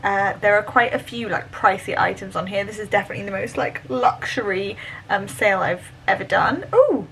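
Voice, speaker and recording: A young woman vlogging at home in a chatty, giggly, excitable way. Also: mid-range voice, normal speed, creaky, slight background noise, rough recording. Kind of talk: casual vlog chat. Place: at home indoors.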